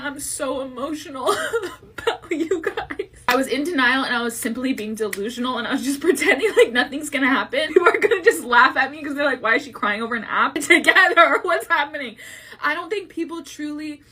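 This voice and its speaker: A woman's voice: sits high, a little fast, pushed and bright. A woman who is a social media creator, crying and laughing through tears in an emotional farewell vlog, often repeating herself.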